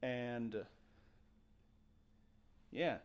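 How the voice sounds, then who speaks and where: A man's voice: medium pitch, very slow. A man hosting a casual show, telling a ghost story with jokes and acted-out quotes. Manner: animated, jokey, acts out quotes. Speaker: podcast host.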